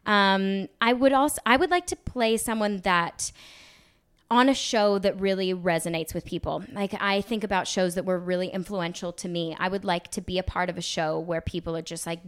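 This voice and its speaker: A young woman from Australia, a guest actress chatting casually in an interview, laughing often and filling pauses with "like" and "um". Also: on the low side, fairly even intonation, clean tone.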